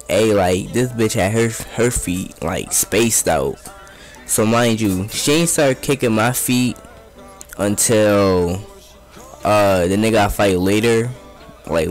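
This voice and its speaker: Young man telling a profane storytime. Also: lowish voice. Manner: profane, rambling, streetwise slang. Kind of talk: casual storytime over gameplay.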